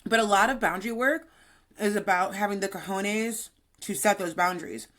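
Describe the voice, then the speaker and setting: A woman in her thirties co-hosts a fitness podcast. She talks in a loose, upbeat, chatty way with a bit of sass, and her voice sits at an ordinary middle pitch. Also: moderate pace, fairly bright tone. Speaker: podcast co-host and fitness coach. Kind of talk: casual podcast chat.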